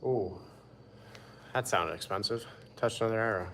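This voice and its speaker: A man hosting a live stream outdoors, chatting in a relaxed way and greeting viewers by name. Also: lowish voice, normal speed, a little hiss or hum. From Pennsylvania. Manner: laid-back, answers chat by name. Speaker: livestream host. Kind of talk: casual live-stream chat.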